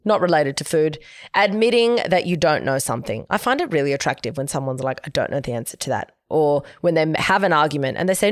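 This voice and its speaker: A woman's voice: low voice, animated, fast, no echo, clean studio sound. A young adult woman hosting a casual solo podcast, chatty and emphatic as she gives advice. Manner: chatty, emphatic, giving advice with quoted asides. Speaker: podcast host.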